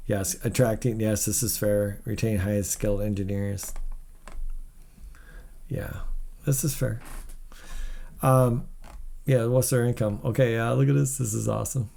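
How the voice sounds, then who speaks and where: A man's voice: on the low side, steady tone, measured pace, vocal fry, long pauses, dark tone. A tired man hosting a tech video, talking casually and skeptically through financial figures, blunt and rambling, yawning as he goes.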